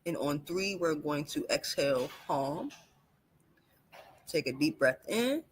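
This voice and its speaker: Man slowly guiding a breathing exercise. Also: fairly high pitch, breathy edge. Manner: calm, slow counting instructions with warm laughs. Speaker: guest numerologist leading a sound exercise. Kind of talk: guided breathing and toning exercise.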